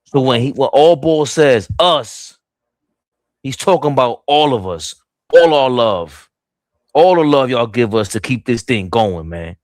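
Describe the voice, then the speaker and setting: A man's voice: medium pitch, a little slow, no echo. A young man doing casual live play-by-play on a fan stream, talking straight to the chat. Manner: excitable, voice jumps up when the action heats up.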